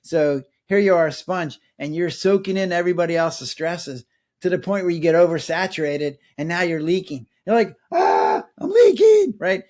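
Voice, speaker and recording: A middle-aged man, a former doctor, talking casually in an interview and acting out quick bits of dialogue. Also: on the high side. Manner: animated, acts out patients' and his own lines in voices. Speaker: guest, former physician.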